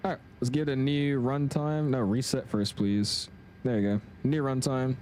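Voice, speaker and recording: A man's voice: mid-range voice, fairly even intonation, normal speed, darkish tone. Young male streamer, laid-back and chatty, faint background hum, flight sim commentary. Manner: laid-back, chatty, slangy, reads chat aloud. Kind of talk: casual live-stream commentary.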